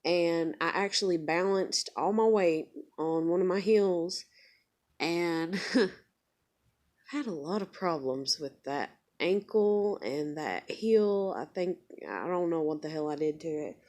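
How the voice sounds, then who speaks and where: A woman's voice: lively intonation, slow. Young woman venting on her vlog, swears a lot, rises in heat as she goes. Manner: blunt, heavy swearing, venting; gets louder and higher when angry. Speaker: vlogger. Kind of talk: casual rant to camera.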